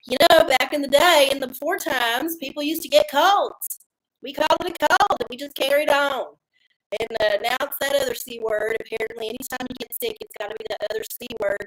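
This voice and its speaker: Salty woman hosting a livestream. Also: a little high. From Texas. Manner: chatty, salty, swears freely. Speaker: livestream host. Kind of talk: casual livestream chat. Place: home studio under hot lights.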